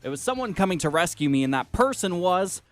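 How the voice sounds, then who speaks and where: A man's voice: high voice, big pitch swings, a little fast, soft background music. A man co-hosting a morning radio show, chatting casually and telling jokey stories. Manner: jokey, playful storyteller. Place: radio studio.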